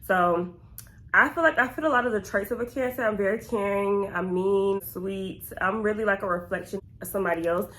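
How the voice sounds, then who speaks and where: A woman's voice: mid-range voice, brisk, a bit bright. A young woman. She chats candidly and casually to her viewers, answering questions about herself with plenty of slang. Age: 20s. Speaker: vlogger. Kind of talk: casual get-to-know-me Q&A.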